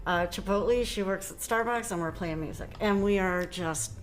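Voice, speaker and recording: Woman, middle-aged, podcast guest, earnest, casual chat, middle pitch, faint background noise. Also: normal speed. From Ohio, USA. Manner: earnest, talks over her sister. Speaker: guest musician.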